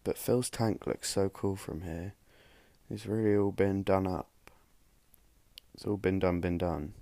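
Alone at the mic, a young man rambles through his podcast, tired and drained, teasing himself as he goes. The voice is low and mellow, even in tone, delivered at a measured pace without any echo.

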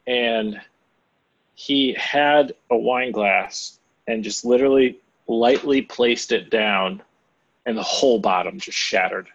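Husky joking podcast host. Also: male voice, medium pitch, slow pace. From Chicago area. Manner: joking, animated storyteller. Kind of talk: casual chat. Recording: slightly dull lo-fi audio.

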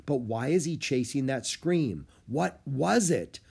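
A man's voice: medium pitch, expressive, takes it slowly, creaky, a little mellow, slightly rough, voice pushed up, full character voice. A man voicing a cautious but brave young boy in a storybook reading, sounding anxious and urgent.

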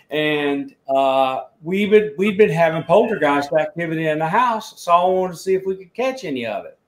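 A middle-aged man on a video call, a scientist and engineer, explaining videos and measurements in a plain, technical, matter-of-fact way. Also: on the high side. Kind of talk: casual show-and-tell explanation. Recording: echoey room sound.

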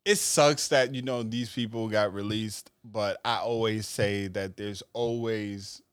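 A man co-hosting a casual podcast, relaxed and explanatory, often laughing. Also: lowish voice, measured pace, smooth, no echo, studio quality. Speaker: podcast co-host. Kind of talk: casual chat.

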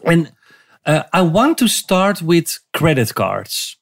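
A man's voice: on the high side, sing-song, gravelly. A man co-hosting a casual podcast, speaking English with frequent restarts as he hunts for words. His intonation rises and falls a lot. He sounds easygoing. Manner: halting, searches for words, eating while talking. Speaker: podcast co-host.

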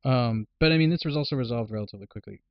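A man's voice: mid-range voice, very fast, clear, resonant tone, dry recording. A man in a casual chat, retelling a film plot with lots of swearing and acted-out lines. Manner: animated retelling, acting out characters' lines; swears freely. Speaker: podcast host recapping a film. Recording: dry, dull lo-fi recording.

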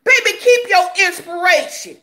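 Sassy high-voiced woman vlogger. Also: lively intonation, normal speed, pushed and bright. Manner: sassy and laughing, calls viewers honey and baby. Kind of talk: casual gossip commentary.

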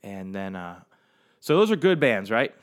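A young man hosting a solo podcast, rambling in a casual, profane, animated way and talking straight to his listeners. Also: lowish voice, a little slow. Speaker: podcast host.

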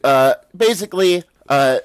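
A man's voice: fairly high pitch, animated, unhurried, no echo. A man recapping a TV show on a podcast in a loose, casual way, with lots of fillers. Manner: loose, rambling recap full of "like" and "um". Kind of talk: casual chat.

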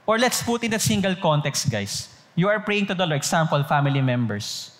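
A man's voice: fairly high pitch, big pitch swings, a little fast, big-room sound. A man with a Filipino accent preaching a sermon, checking in with his listeners after nearly every phrase and repeating himself. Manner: asks the group constant check-in questions, repeats phrases. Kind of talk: sermon in mixed Tagalog and English.

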